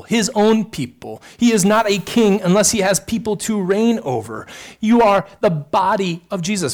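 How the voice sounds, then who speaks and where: Preaching with earnest force, this male pastor rises on important points and slips in brief remarks to his congregation. The pitch is high, and the tone leans dark.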